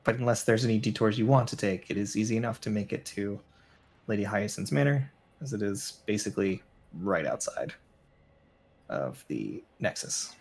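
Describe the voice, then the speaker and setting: A man narrating a tabletop game as game master, in a relaxed, hesitant way with many fillers. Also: on the low side, moderate pace, slightly rough.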